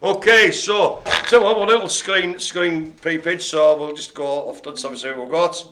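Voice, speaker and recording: A man's voice: a little high, normal speed, noisy background. A man hosting a live online bingo game, full of jokes and wordplay. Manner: joking, wordplay, playful asides. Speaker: bingo host.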